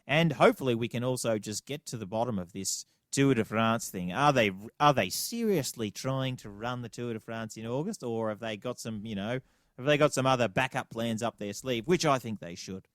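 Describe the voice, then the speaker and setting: In clean studio audio with no room echo, an Australian-accented man co-hosts a podcast, trading playful, mock-serious banter in a casual comedic chat. His medium-pitched voice is expressive and moves at a moderate pace.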